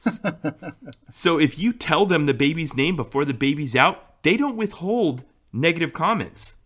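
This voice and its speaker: A man's voice: a little high, animated, a little slow, a bit bright. A man co-hosting a podcast, telling a story in casual chat and laughing often. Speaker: podcast co-host.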